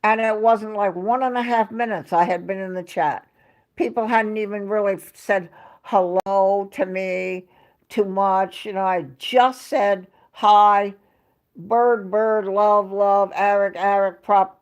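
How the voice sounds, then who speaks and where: A woman's voice: medium pitch, darkish tone. Chatty woman rambling on a home livestream. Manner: rambling, chatty storytelling, reading out chat names. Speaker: livestream host. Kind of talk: casual livestream chat.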